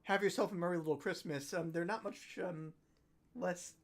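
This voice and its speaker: Rambling woman with a low voice. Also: steady tone, moderate pace. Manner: rambling and self-deprecating, laughing, trailing off quietly. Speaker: singer-songwriter hosting a holiday livestream. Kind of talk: casual chat between songs. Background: ukulele playing.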